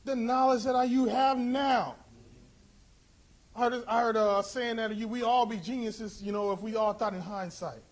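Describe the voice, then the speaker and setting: A man preaching a sermon, impassioned and rising to shouts with drawn-out emphasis. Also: very high-pitched, fairly even intonation.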